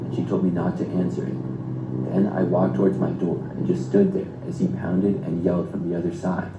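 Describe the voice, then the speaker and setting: Deep-voiced man narrating a horror story. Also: brisk, noisy background. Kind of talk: scripted first-person narration. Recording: roomy echo.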